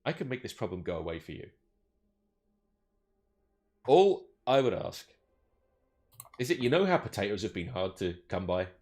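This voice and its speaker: A man's voice: on the low side, big pitch swings, normal speed, long pauses, darkish tone, pitched below the performer's own voice. A man voicing a male elf police officer in a tabletop game, overly polite and formal, stumbling over his own phrases. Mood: wheedling, hushed.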